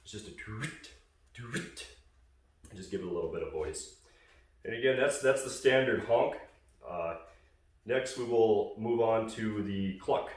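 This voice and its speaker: A man's voice: fairly low pitch, moderate pace, heavy reverb, far from the mic. A man casually explaining goose calling in a hunting call tutorial, rambling with fillers and restarts.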